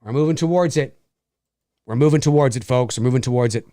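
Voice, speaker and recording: A man's voice: medium pitch, fast, mellow, dry recording, clean studio sound. A middle-aged Canadian man with a Canadian accent, hosting a casual livestream, reading chat comments and repeating himself enthusiastically.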